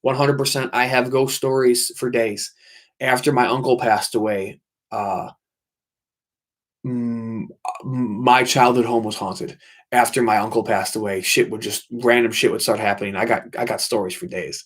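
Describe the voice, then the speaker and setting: A man's voice: mid-range voice, steady tone, moderate pace. A man hosting a late-night livestream, telling a ghost story in an intense, repetitive way, swearing often. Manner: intense, swearing, repeats himself for emphasis. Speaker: livestream host.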